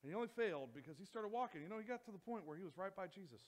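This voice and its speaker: A man, a youth pastor, preaching a sermon and telling a lively story, acting out voices as he goes. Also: high voice, very fast. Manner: animated storytelling, acts out his own voice and others'. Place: church hall.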